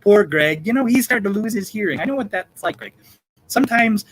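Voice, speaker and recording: A man hosting a live charity bingo game, calling numbers in a drawn-out way and joking in between. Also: high-pitched, animated, husky, rough recording. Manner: campy, jokey, drawn-out number calls. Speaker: bingo caller and host.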